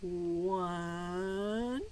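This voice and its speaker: A woman's voice: on the low side, extremely slow, a little mellow, slight background noise, poor audio. A woman teacher reading a picture book aloud to small children, playful and coaxing, dropping to a whisper for the riddle clues. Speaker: preschool teacher.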